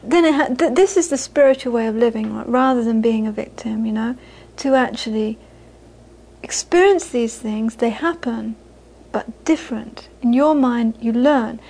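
A woman's voice: on the high side, normal speed, gravelly, a little mellow. A British woman, a Buddhist teacher, giving a dharma talk to a live audience, earnest and repeating phrases for emphasis, with frequent laughter.

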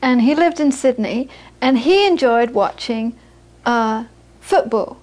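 Brief: woman, Buddhist teacher with a high voice, animated storyteller who turns gentle and earnest in teaching. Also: slow pace. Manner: lively storytelling, acts out the people she quotes. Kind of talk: dharma talk to a small audience.

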